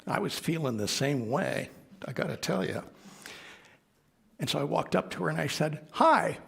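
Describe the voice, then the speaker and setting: A minister telling a gentle anecdote in a sermon, quoting the people he met along the way. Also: fairly high pitch, animated, normal speed, vocal fry, slightly rough. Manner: gentle anecdotal storytelling with quoted dialogue. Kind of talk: storytelling sermon.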